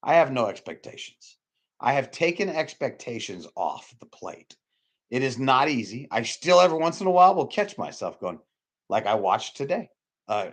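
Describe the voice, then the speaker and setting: A man giving an informal sermon, rambling and repeating himself, with emphatic swings between loud bursts and low murmurs. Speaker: preacher.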